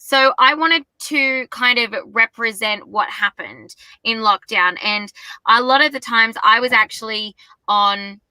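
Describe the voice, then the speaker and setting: A young woman talks excitedly in a casual interview. Her voice is very bright and tense in tone, and the recording is dry with almost no room sound. She gushes and piles on enthusiasm. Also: on the high side, a little slow, clear, resonant tone, no echo, low-quality recording. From Australia. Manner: bubbly, effusive, gushing. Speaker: singer-songwriter guest.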